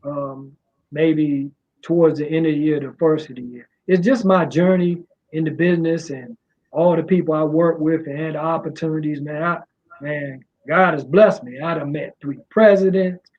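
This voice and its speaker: A man's voice: fairly even intonation, normal speed. A middle-aged man from Washington, D.C., a music promoter, talking in a casual, rambling way with a slight drawl. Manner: rambling, repeats fillers, drawling. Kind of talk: casual interview. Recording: muffled low-fidelity sound.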